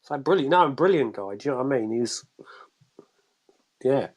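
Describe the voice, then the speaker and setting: A man's voice: medium pitch, animated, normal speed. A man joining a live online show as a guest by phone, talking in a rambling, chatty way with many restarts. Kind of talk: casual chat on a live show.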